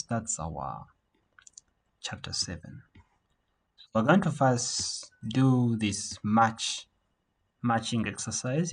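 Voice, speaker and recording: A man teaching a beginner Mandarin class over a video call, saying words slowly for learners to repeat. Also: medium pitch, a little mellow, breathy edge, poor audio. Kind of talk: online language lesson.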